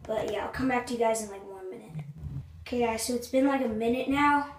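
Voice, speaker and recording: Woman, high voice, casual vlogging, jittery, excitable, hushed at times, echoey small bathroom. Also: brisk. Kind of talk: casual video narration. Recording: echoey bathroom, faint noise.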